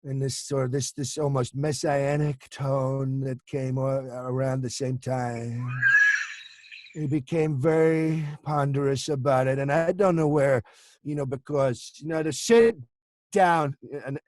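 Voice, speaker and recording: A man's voice: medium pitch, fairly even intonation, a little slow, a little mellow, no echo, clean studio sound. A man, a voice actor and impressionist, chatting casually on a video call, trailing off and restarting as he talks. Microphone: video call microphone.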